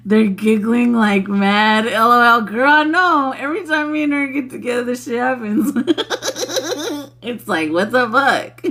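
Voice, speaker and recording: A woman's voice: a little high, a little slow, a bit bright. A young adult woman hosting a spiritual livestream, chatting casually with viewers, laughing constantly and swearing freely. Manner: laughs constantly, giggly and profane.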